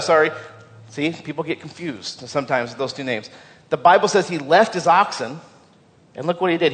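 A man's voice: on the high side, big-room sound. A man preaching a sermon as pastor, earnest, repeating key phrases for emphasis and often stumbling over repeated words.

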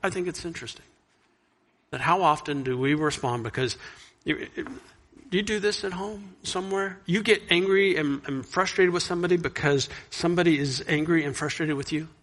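A man preaching a sermon, earnest, reading scripture loudly and dropping soft to reflect. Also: fairly high pitch, normal speed. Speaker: pastor.

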